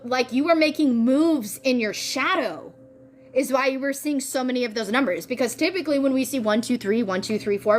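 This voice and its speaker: A woman with a somewhat high voice talks through a tarot reading in a loose, chatty way. She is excitable and full of slang, and she swears freely as she goes. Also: a little hiss or hum. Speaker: tarot reader. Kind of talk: casual spiritual reading.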